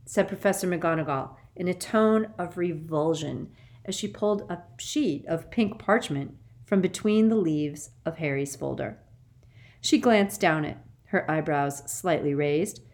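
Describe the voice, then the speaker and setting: A woman narrating an audiobook in a measured, expressive storytelling manner. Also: sits low.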